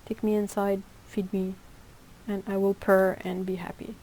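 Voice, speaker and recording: Woman doing a contented house cat, smug, matter-of-fact, mellow tone. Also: medium pitch, flat delivery, normal speed, a little hiss or hum, natural voice, low-quality recording.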